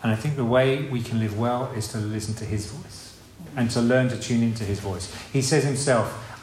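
Chatty preacher in a roomy hall. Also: male voice, medium pitch, normal speed, hardly any pauses, darkish tone, a little hiss or hum. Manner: conversational, rambling with restarts and asides. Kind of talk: informal sermon. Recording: roomy hall with faint ambience.

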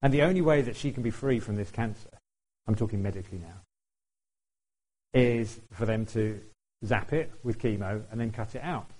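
A man's voice: on the low side, normal speed, long pauses, a little mellow, poor audio. A man preaching a sermon in a conversational way, putting questions to the congregation and laughing now and then.

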